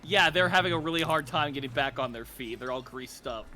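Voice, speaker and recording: A man's voice: on the high side, fairly quick, pushed and bright. A man narrating a tabletop game as game master, laughing and swearing as he goes.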